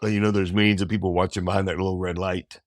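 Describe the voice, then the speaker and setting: A man in his fifties, a guest in an interview, telling stories in a relaxed, rambling way and acting out quotes. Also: sits low, rapid-fire, no echo. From American South. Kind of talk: casual storytelling.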